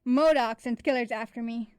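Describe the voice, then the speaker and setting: A woman voicing a brash, excitable young woman mercenary who talks loudly and giggles. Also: fairly high pitch, moderate pace, smooth, dry recording, lightly acted. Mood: gleeful.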